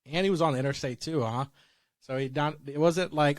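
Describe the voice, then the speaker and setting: A man's voice: fairly high pitch, fairly quick, no room sound. A man co-hosting a podcast, riffing jokes in casual banter. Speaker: podcast co-host. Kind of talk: casual chat.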